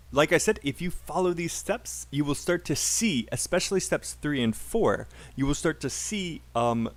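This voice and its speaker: Using a mid-range voice, a British-accented man teaches a live online English pronunciation lesson. He drills sentences slowly and encourages his students.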